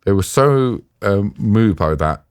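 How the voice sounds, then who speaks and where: A British man with a deep, low voice tells a personal story in halting, emotional bursts, full of restarts and sometimes choked up. The sound is dry and close, with no room around it. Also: expressive, darkish tone, clean tone, no echo. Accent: British English. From Britain. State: choked up at times. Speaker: interview guest.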